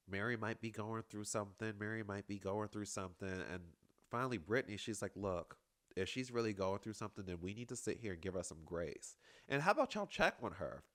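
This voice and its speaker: Sassy, animated man dishing reality TV gossip. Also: on the low side. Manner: sassy, animated, calls everyone girl. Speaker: reality TV recap host. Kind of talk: casual recap commentary.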